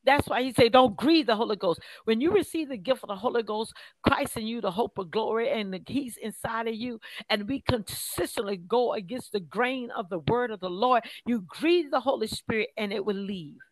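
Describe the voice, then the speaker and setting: A woman in a preaching conversation, reading scripture slowly and then preaching on it in casual, everyday speech. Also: on the high side, no room sound, rough recording.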